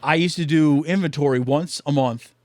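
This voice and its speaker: A man's voice: on the high side, moderate pace, darkish tone, no room sound, clean studio sound. Casual profane man podcast host. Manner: loose and profane, many fillers. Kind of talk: casual chat.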